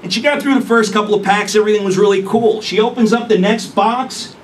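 A man's voice: sits high, fast talker. A man doing a crude, brash stand-up comedy set, recorded on a distant mic with room noise. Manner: brash, crude, punchy delivery.

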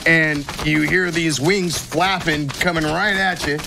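A man's voice: on the high side, steady tone, a little slow, vocal fry, noisy background. A man acting as game master, narrating a tabletop game in a laid-back way and laughing along with his players.

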